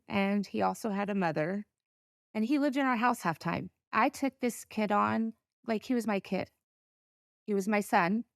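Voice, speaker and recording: A middle-aged woman recounts a painful family story as a podcast guest. She speaks earnestly and haltingly, stopping to gather herself between phrases. Her voice sits at an ordinary pitch, and the sound is close and dry with no room echo. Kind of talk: personal storytelling.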